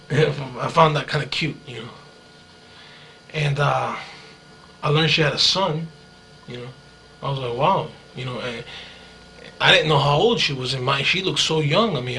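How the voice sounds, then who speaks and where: A man's voice: mid-range voice, pushed and bright, a little hiss or hum, low-quality recording. A man recording a rambling monologue diary, hesitant and full of fillers and restarts, sounding dreamy and awed.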